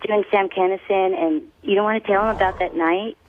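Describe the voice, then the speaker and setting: A woman's voice: mid-range voice, steady tone, a little fast, noisy background. Playful woman on a tinny phone line. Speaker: guest on the line.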